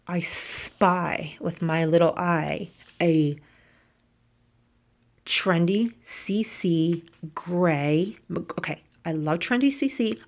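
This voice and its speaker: A woman vlogging about luxury shopping, telling a story in an animated, indignant way. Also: fairly low pitch. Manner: animated, indignant, quotes people in put-on voices. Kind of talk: casual storytelling rant.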